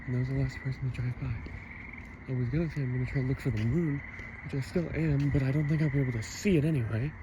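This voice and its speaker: A man's voice: mid-range voice, fairly even intonation, fast. Chatty man vlogging on a foggy night. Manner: chatty, quietly spooked, rambling. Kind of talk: casual vlog narration. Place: outdoors at night in a foggy neighborhood. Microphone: handheld camera mic. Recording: noisy outdoor camera audio. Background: night sounds and distant cars.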